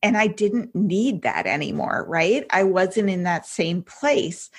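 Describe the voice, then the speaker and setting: A woman in her forties, a podcast guest, telling her story openly and emotionally, with many fillers and quick asides. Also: fairly low pitch, big pitch swings, breathy edge. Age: 40s. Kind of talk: candid personal story in an interview.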